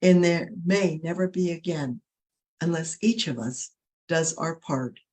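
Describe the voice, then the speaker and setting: A woman presenter giving an earnest, preacherly talk on faith, slowing down to stress her points. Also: deep voice, a little mellow. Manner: earnest, preacherly, slows for emphasis. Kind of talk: faith talk with a told fable.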